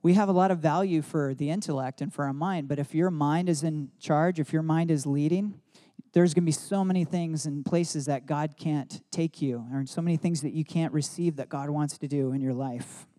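A man's voice: fairly high pitch, moderate pace, dark tone. A man preaching a sermon to his congregation as their pastor, telling stories in a conversational way with frequent "like". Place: church service.

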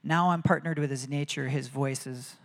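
A man's voice: medium pitch, steady tone, normal speed, gravelly, long reverb tail. A man preaching a sermon in an earnest, conversational way, with prayers spoken aloud.

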